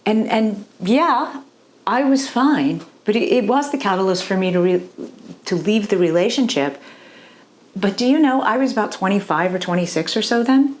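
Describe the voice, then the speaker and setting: A woman's voice: mid-range voice, animated, normal speed, a little mellow. A woman relationship coach speaking candidly and earnestly to the camera, confiding personal experience and often checking in with the listener.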